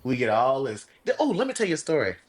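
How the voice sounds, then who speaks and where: A man's voice: mid-range voice, fast talker. A man who is a podcast guest, talking casually. He tells his stories with energy, swears freely, and speaks earnestly about how to live. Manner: animated storyteller, swears freely; earnest, preachy about life. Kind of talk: casual conversation.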